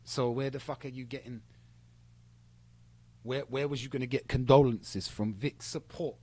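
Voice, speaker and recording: A man's voice: medium pitch, fairly even intonation, moderate pace, pauses often, a little mellow, breathy edge, dry recording. A man delivering an angry, profane, sarcastic callout rant against a rival. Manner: heated, profane, sarcastic, mocking. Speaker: streamer calling out a rival.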